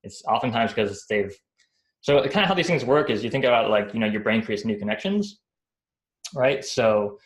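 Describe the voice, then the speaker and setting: A man's voice: medium pitch, animated, normal speed. A man giving a casual talk about emotions, rambling and checking in with "right?" after almost every point. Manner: rambling, many fillers like "right?" and "like". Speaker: speaker explaining psychology. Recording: echoey room.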